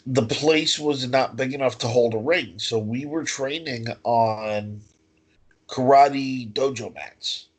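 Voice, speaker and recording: A man's voice: mid-range voice, breathy edge. Guy taking his time telling stories on a video call, lots of ums. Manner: slow, storytelling, with fillers. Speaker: professional wrestler. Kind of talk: casual interview.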